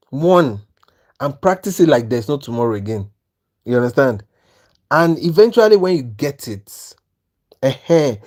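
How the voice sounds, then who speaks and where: A man commentating his trades on a live stream, talking with viewers as he goes. He is animated and repeats himself, restarting phrases and asking whether they understand. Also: medium pitch. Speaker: trading mentor and live-stream host.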